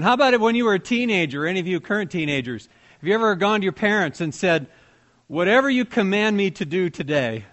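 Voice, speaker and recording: Higher-voiced pastor preaching. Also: male voice, a bit bright. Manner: conversational, questions the congregation. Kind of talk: sermon.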